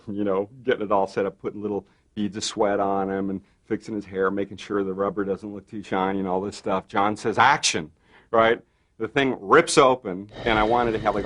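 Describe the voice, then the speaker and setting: A man, a makeup effects artist, tells a behind-the-scenes story in an animated way, full of "you know" and "right?". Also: on the low side. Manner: animated storyteller, acts out others' lines, many fillers. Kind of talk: interview anecdote.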